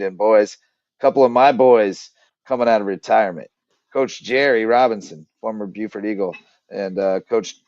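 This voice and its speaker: Chatty and jokey, this man hosts a casual sports podcast, spinning stories and rattling through sponsor reads. His voice is fairly low and a little mellow, recorded lo-fi with no room sound.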